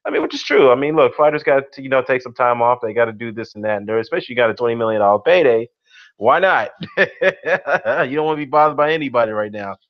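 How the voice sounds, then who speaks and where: A man's voice: mid-range voice, expressive, fast. Rambling man on a lo-fi stream. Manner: rambling, many "you know" and "man" fillers; reads and greets live chat. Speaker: boxing YouTube host. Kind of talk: casual live-stream commentary. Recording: dull lo-fi sound.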